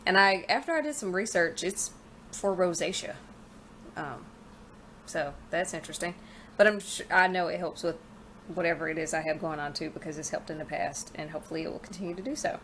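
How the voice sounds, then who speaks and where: A woman's voice: fairly low pitch, a little fast, a bit bright, a little hiss or hum. Woman vlogging casually with a retainer in. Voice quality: slightly slurred speech from a retainer. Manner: candid, rambling, venting with frank asides. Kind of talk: casual chat vlog. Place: living room floor at home.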